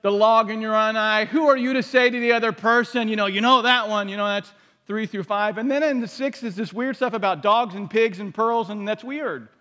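A pastor delivers a conversational sermon, frequently putting questions to his listeners. His high-pitched voice is pushed and bright, a little fast, with a big-room sound.

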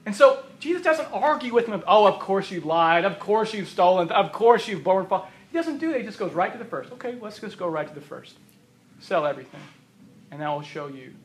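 High-voiced man preaching in an echoey hall. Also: lively intonation, brisk. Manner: emphatic, repeats phrases for stress. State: losing his voice. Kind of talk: sermon. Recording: roomy echo of a hall.

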